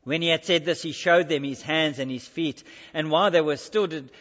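A man's voice: on the high side, a little fast, a bit bright. A male pastor preaching a sermon in church, emphatic and repeating his key phrases. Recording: dull recording with long hall reverb.

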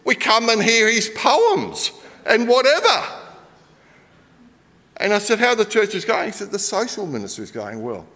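A middle-aged Australian man preaching a sermon and telling a story, swinging between loud emphasis and quiet asides. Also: sits high, sing-song, normal speed, pauses often, in a large hall.

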